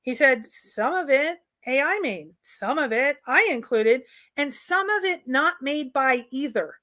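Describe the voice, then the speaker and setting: Eager high-voiced woman co-host. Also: lively intonation, unhurried, bright, forceful tone, no echo. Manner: eager, analytical, quotes others animatedly. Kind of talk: casual chat.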